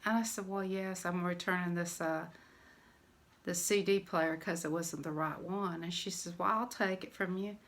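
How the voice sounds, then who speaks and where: A woman's voice: lowish voice, steady tone, normal speed, fairly bright tone. An older woman with a Southern US accent, telling a personal story in a rambling, emotional vlog. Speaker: vlogger.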